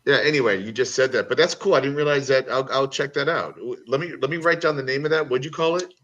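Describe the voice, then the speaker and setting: Rambling, animated comics guest, male. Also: mid-range voice, fast talker, highs cut off. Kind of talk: casual chat.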